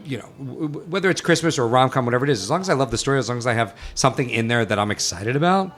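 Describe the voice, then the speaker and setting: A man, a film director, chatting as a guest on a film set, telling animated stories and laughing easily. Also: mid-range voice, a little hiss or hum. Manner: animated storyteller, quick to laugh. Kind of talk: casual interview chat.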